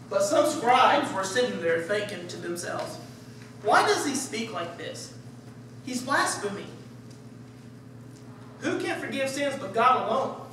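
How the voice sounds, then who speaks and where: A man giving a conversational sermon, animated and acting out the voices of people in the story. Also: high voice. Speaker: preacher. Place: church sanctuary. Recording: echoey room, distant mic, faint hiss.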